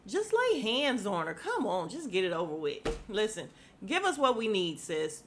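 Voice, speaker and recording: Animated slangy woman podcaster. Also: a little high, normal speed, slight background noise. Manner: animated, slangy, acts out quotes. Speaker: podcast host recapping reality TV. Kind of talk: casual chat.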